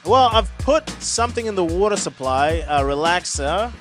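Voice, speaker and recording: Male comic, high voice, dry and wry, faint music beneath. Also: expressive, normal speed. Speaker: comedy contestant. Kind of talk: interview.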